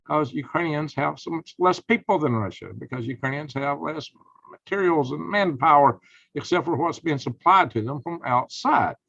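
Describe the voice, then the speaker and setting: A man hosting a live prepping channel, rambling folksy commentary that turns loud and indignant, with a drawl. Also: a little high, expressive, moderate pace, creaky, breathy edge, lo-fi sound.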